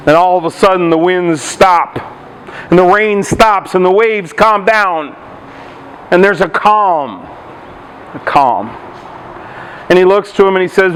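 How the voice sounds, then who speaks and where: Brief: male pastor with a high voice, faint hiss behind him, preaching and quizzing his listeners. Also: a little slow, fairly bright tone, low-quality recording. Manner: questions the congregation and retells Bible stories. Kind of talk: sermon.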